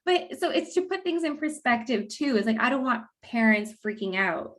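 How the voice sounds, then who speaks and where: A woman talking as a guest expert in a casual interview, explaining in a lively way and acting out what parents say. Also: fairly high pitch, normal speed. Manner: animated, acts out quoted parents with laughs. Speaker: guest expert on mouth breathing.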